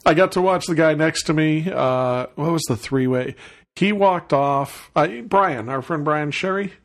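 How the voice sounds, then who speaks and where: A man hosting a podcast, telling a casual anecdote in an animated way, acting out the people he quotes and chuckling often. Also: a little high, unhurried. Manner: chuckles often while talking. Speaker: podcast host.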